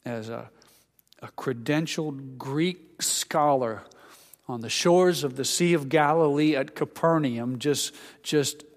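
A man's voice: mid-range voice, slow pace. Man preaching in a reverberant hall. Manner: storytelling, acts out voices of scripture figures; drops to a quiet hush for intimate lines, rises for emphasis. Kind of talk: sermon.

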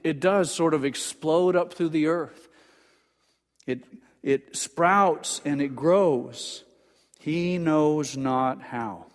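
A man's voice: on the high side, in a large hall. An older man preaching a sermon as pastor, earnest, often stumbling and repeating words as he builds emphasis, on a pulpit microphone.

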